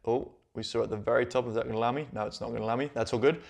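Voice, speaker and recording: A man teaching Spanish, walking slowly through on-screen sentences and repeating each phrase before translating it. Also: mid-range voice, fairly even intonation, vocal fry, a little mellow, lo-fi sound. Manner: patient, repeats phrases, thinks aloud.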